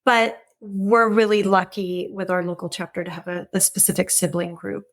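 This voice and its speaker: Her voice is medium-pitched with little pitch movement, and she speaks at normal speed. A middle-aged podcast guest, she has a candid, earnest conversation about grief and loss, frequently repeating herself while reaching for the right words.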